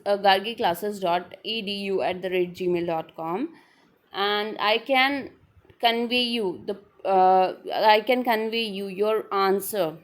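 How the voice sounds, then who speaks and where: A woman teaches a literature lesson. She circles back over each definition, restating it and filling gaps with "all right then" and "uh". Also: mid-range voice. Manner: repetitive, restating definitions with frequent fillers. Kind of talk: explanatory lecture.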